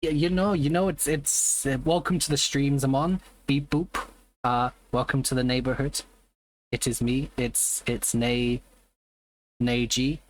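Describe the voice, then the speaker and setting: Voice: mid-range voice, fairly even intonation, unhurried, a little hiss or hum. A live streamer in casual chat, rambling and greeting viewers by name.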